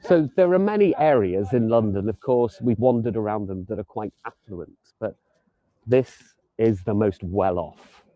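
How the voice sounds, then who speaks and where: A man's voice: lowish voice, lively intonation, unhurried, dry recording, muffled recording. A man giving a live walking tour outdoors, chatting and joking lightly as he strolls the streets. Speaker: tour guide.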